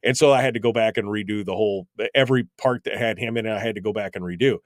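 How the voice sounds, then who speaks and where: A man's voice: on the low side, fast talker, no echo, clean studio sound. A man hosting a radio talk show, chatting loosely with many fillers and restarts. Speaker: radio show host and voice actor. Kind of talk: casual radio interview chat.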